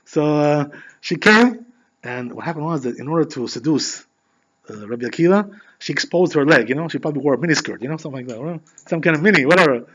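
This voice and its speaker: Fast, animated rabbi telling a story. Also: male voice, fairly high pitch. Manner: animated, chatty, heavy with filler phrases. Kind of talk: sermon storytelling. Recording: dull lo-fi recording.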